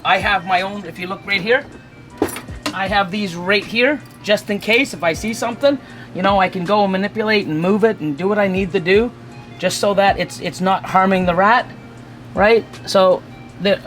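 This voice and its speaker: A reptile breeder talks at a middling pitch through a hands-on feeding demonstration, chatty and reassuring. Now and then they break into mock-panicked asides before calmly setting things straight. Faint music plays under the voice, recorded indoors by the enclosures. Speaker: ball python breeder. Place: indoors beside snake enclosures.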